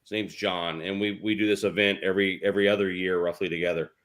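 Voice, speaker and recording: A man hosting a podcast, telling a story in a casual, animated way and swearing freely. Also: sits low, quick pace. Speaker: podcast host.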